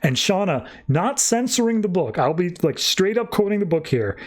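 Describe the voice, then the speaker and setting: A man's voice: high-pitched, very animated, normal speed. A man hosting a podcast who casually retells a comic book plot in a loose, chatty way, with lots of filler words. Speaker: podcast host.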